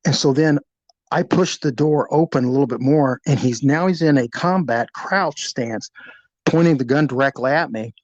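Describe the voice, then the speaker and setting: Animated storytelling man, dry close sound. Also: medium pitch, moderate pace, dry recording, dull audio. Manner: animated, vivid storyteller who acts out sounds. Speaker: retired police officer recounting a shooting. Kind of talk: storytelling in an interview.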